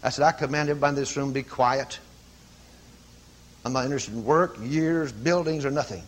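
A man preaching a sermon, telling a story and rising from quiet telling to loud commanding cries. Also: mid-range voice, brisk.

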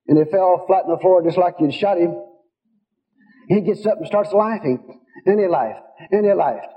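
A man with a fairly high voice preaches briskly, telling folksy stories and voicing conversations himself, including quotes from God and others. The recording has a dull, lo-fi sound.

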